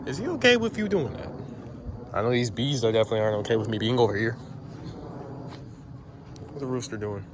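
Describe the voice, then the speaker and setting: Chatty man filming outdoors, lively voice. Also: mid-range voice, a little fast, pauses often, noisy background. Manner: chatty, talks to the animals, teasing. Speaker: vlogger. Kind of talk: casual vlog chat while walking. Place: outdoors at a farm or petting zoo.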